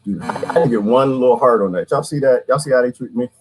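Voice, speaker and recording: A man's voice: mid-range voice, fast talker, a crowd in the background. A male comedian hosting a casual live stream, joking with his viewers and laughing often.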